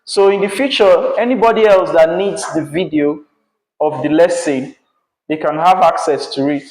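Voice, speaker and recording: A man with a Nigerian English accent teaching a class, slow and patient, repeating key words. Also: a little high, darkish tone. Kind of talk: classroom lesson. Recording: echoey classroom.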